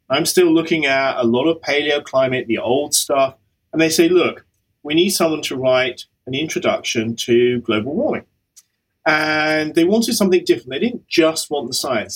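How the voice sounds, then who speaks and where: A man, a climate scientist guest, telling his story in a lively, animated way on a conversational podcast. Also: slightly rough. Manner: animated storytelling, pitch leaping on key phrases.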